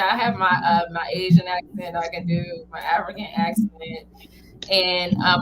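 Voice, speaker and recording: A woman's voice: fairly low pitch, low-quality recording. A woman guest on a talk show, a comedian chatting informally and laughing often. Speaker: guest, comedian and entertainment founder. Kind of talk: casual interview chat.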